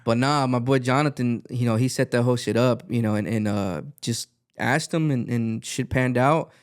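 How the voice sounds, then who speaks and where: A man's voice: mid-range voice, moderate pace, smooth. A man, a podcast guest and music artist, telling a rambling story in a casual chat, full of fillers and swearing, acting out the lines he quotes.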